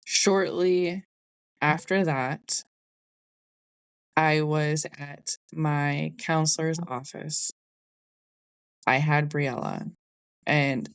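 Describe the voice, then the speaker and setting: A woman's voice: sits low, smooth, no echo. A young adult woman hosting a podcast, telling a personal story in a candid, conversational way. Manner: candid, conversational, Southern 'y'all'. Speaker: podcast host.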